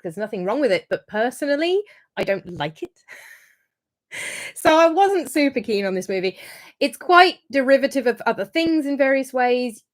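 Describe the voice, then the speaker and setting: A woman hosting a casual livestream review, talking in a chatty, rambling way with frequent ums and restarts. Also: mid-range voice. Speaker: historian livestream host.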